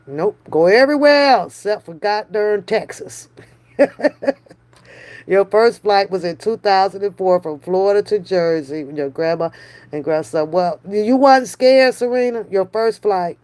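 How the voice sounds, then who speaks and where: A woman hosting a live stream, chatting casually with viewers in a slow, drawn-out way, often brushing things off with a dismissive "mm-mm". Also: mid-range voice, animated, darkish tone. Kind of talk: casual chat.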